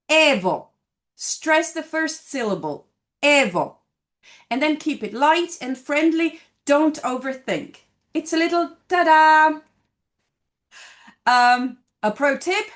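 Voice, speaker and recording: Woman w doing a video lesson, high voice, bouncy, takes her time. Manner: lively, demonstrative, stresses example phrases. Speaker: language teacher.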